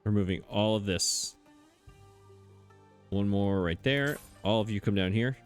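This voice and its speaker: Low-voiced man doing casual game commentary. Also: unhurried, smooth, faint music behind. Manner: thinking aloud, puzzled questioning; self-mocking, chatty. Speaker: let's play host.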